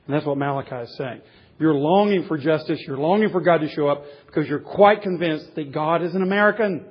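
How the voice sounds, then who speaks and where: A man's voice: fairly high pitch, a little fast, breathy edge, lo-fi sound. A man preaching a sermon as a pastor, reading scripture aloud and then explaining it with childhood stories.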